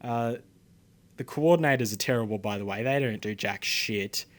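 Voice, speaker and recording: A man's voice: mid-range voice, normal speed. A teenage boy with an Australian accent, telling a rambling, indignant story to camera with many fillers and swearing. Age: teens. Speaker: vlogger.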